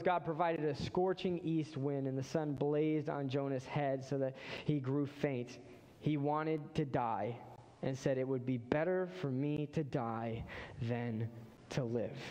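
A man preaching a sermon as pastor, animated storytelling that acts out the figures, in a church. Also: fairly high pitch, big-room sound. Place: church sanctuary.

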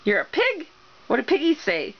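A woman's voice: high voice, wildly swooping pitch, moderate pace. A mother reading a bedtime picture book to her toddler at home, in a playful, sing-song, coaxing way. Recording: dull lo-fi home video with faint hiss.

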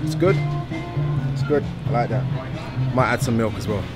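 A man's voice: mid-range voice, moderate pace. Chatty young British man vlogging. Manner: relaxed, chatty, jokey. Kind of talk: casual vlog chat. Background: music playing.

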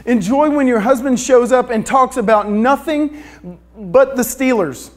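A man's voice: extremely high pitch, a little slow. A man preaching a sermon, joking with the congregation and asking them for a show of hands. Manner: asks the audience for a show of hands. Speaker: pastor.

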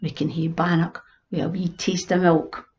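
Brief: practical Scots wife, a woman voices her, quiet, dismissive, muffled sound. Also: on the low side, flat delivery, normal speed, pitched below the performer's own voice, natural voice. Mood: unfazed. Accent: Scottish, Ayrshire. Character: tailor's unfazed practical wife.

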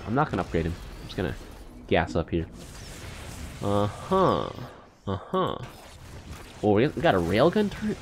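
A man giving casual live gameplay commentary as a gaming YouTuber, excitable and slangy, with sudden squeals and mumbled asides. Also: medium pitch, moderate pace, creaky, slight background noise.

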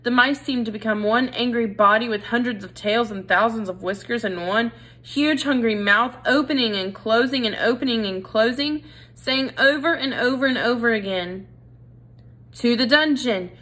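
A woman reading a children's novel aloud, gentle and expressive, speaking directly to the reader. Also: fairly high pitch, normal speed. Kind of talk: read-aloud narration.

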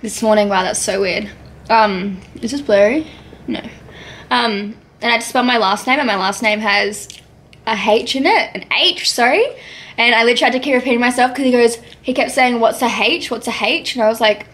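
A woman's voice: a little high, a little fast, fairly bright tone. A young Australian woman chatting casually while eating, rambling between bites. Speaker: vlogger. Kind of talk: casual mukbang chat.

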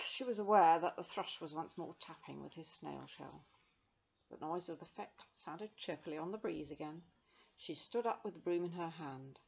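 A woman reading a children's novel aloud in a gentle, measured storytelling manner. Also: deep voice, gravelly, breathy edge, lo-fi sound. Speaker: reader.

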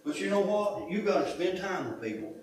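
A middle-aged pastor preaching in a folksy, conversational way and circling back on his points. His voice sits a little high for a man. It is caught from a distant mic in a very echoey church sanctuary with a faint hiss underneath. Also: expressive, a little fast, a little mellow. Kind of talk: sermon.

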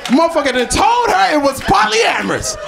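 A woman stand-up comedian doing brash, profane improvised crowd work on a comedy club stage, often shouting. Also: very high-pitched, very animated, fairly quick, vocal fry. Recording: live club recording, crowd laughter and noise.

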